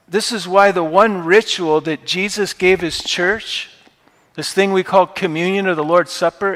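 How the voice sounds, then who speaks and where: A pastor preaching to his congregation in a relaxed, conversational way, his voice pitched a little high for a man. He pushes hard on his key points, and the long reverb of the hall trails after every phrase. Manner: conversational preaching, rising to emphatic outbursts. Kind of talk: sermon. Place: church sanctuary.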